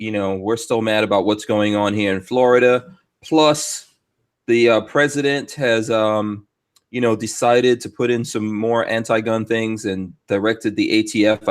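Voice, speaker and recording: A man hosting a live podcast, talking in a jokey, lively way and laughing often. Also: on the low side. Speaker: podcast host. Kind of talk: casual live-stream podcast chat.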